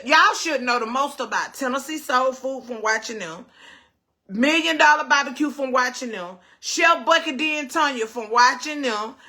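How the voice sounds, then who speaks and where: High bright woman preaching. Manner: animated, preachy rhetorical questions. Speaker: cooking show host. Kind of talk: casual livestream chat.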